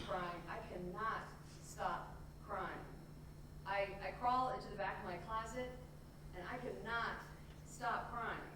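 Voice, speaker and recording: A woman performing a comic solo theater monologue on stage, telling her story in an animated, self-mocking way. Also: medium pitch. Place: theater stage before an audience. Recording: echoey live theater, distant mic, room noise.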